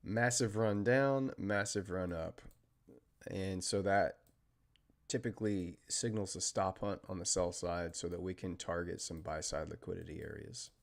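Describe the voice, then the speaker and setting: An American man hosting a live trading stream, chatting casually and talking through market moves, with fillers and trailing pauses. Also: sits low, creaky. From United States. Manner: steady technical market commentary. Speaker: trading livestream host.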